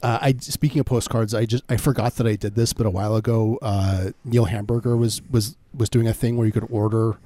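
A man co-hosting a podcast, talking in halting casual chat with many fillers and dry humor. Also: fairly low pitch, steady tone, warm tone, no echo. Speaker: podcast co-host.

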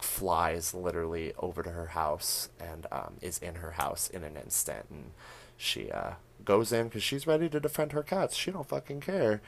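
A young man with a deep voice hosts a podcast, recapping a horror film in casual storytelling. He laughs often and acts out the characters' lines. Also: gravelly. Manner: animated storytelling, laughing often, acting out quotes. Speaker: podcast host.

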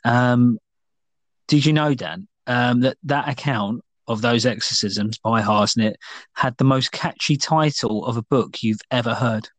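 A man's voice: medium pitch, measured pace, dry recording. Playful man, casual chat. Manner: playful, rambling storyteller. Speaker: podcast co-host.

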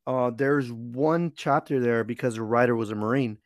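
A man in his twenties hosting a casual chat, telling stories in a relaxed way and laughing easily. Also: mid-range voice, normal speed, no echo, clean studio sound.

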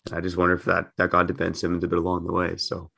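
A man with a hoarse voice from a cold, chatting casually and swearing easily as a podcast co-host. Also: deep voice, completely flat delivery, rapid-fire, bright, forceful tone, dry recording, studio quality. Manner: laid-back and conversational, swears casually.

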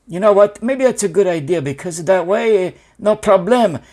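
A man's voice: high voice, animated, moderate pace, darkish tone. A man voicing an anxious, rambling male business owner who speaks broken English and swears a lot.

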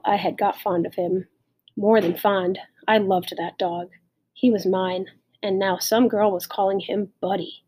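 Steady woman reading an audiobook. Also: medium pitch. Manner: steady, measured storytelling. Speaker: audiobook narrator. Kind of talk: audiobook narration.

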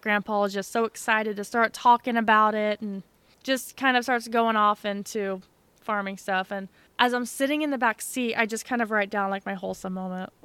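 A woman's voice: a little high, fairly bright tone, smooth, dry recording. A young woman co-hosting a podcast, telling a story in a chatty, sarcastic way. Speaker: podcast co-host. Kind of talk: casual chat.

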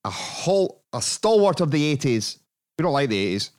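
A man's voice: on the high side, very animated, normal speed, a little mellow. A Scottish man co-hosting a casual podcast, joking and laughing as he talks. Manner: jokey, laughing between lines. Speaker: podcast co-host.

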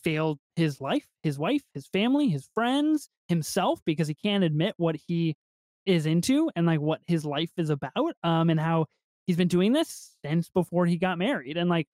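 A man's voice: a little high, animated, moderate pace, darkish tone, dry recording, clean studio sound. A man co-hosting a film podcast, chatting casually and animatedly, swearing and laughing often. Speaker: podcast co-host. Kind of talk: casual film review chat.

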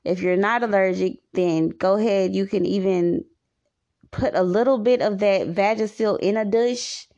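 A woman's voice: mid-range voice, fairly even intonation, normal speed, warm tone, highs cut off. A woman hosting a podcast, giving rambling, repetitive advice in a casual monologue. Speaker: podcast host.

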